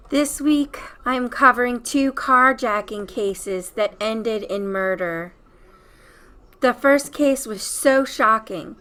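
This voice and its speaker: A woman hosting a true-crime channel, giving a scripted narration with a steady, plain read-aloud delivery. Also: on the high side, clear, resonant tone, low-quality recording.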